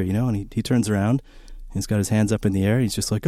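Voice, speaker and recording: A man's voice: fairly low pitch, rapid-fire, few pauses, dry recording, studio quality. A man hosting a college radio record show, chatting casually and enthusiastically between songs with lots of fillers. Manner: rambling and enthusiastic, many fillers, animated storytelling. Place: small radio studio. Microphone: studio broadcast microphone.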